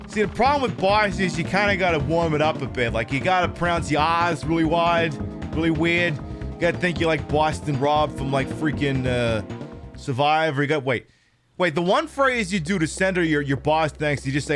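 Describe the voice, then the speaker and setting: A man's voice: on the high side, faint music behind. A man hosting a live stream, chatting casually and rambling while he plays a game. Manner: rambling, animated, drops into quick impressions. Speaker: streamer host.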